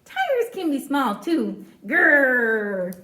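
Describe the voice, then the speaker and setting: A tiny, bragging storybook mouse, voiced by a woman. The voice is very high and swoops wildly up and down, and the delivery is slow and bold. The sound is echoey, as if from a bare room. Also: wildly swooping pitch, a bit bright, slight background noise, full character voice. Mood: boastful. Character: small boastful mouse insisting he is a tiger. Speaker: storytime reader.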